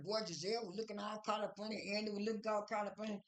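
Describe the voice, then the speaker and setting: Halting vlogger stumbling through a recap. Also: medium pitch, flat delivery, reverberant. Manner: halting, with many repeated fillers and restarts. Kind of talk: casual recap monologue.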